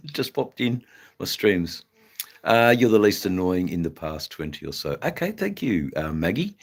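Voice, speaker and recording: A Western Australian man hosting a casual motorcycle live stream, rambling and halting with many fillers. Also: on the low side, big pitch swings. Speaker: motorcycle channel host. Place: indoors in front of a flag backdrop. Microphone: phone.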